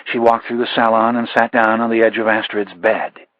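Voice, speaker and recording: A man narrating a thriller audiobook in a measured, even delivery. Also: on the low side, dry recording, dull audio. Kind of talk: scripted narration.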